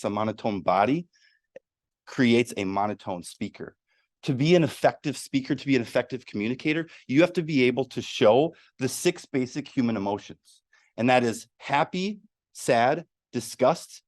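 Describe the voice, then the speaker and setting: A medium-pitched man presents a public speaking workshop to a live crowd in a meeting room, asking them questions with lots of energy. The recording is dry and studio quality.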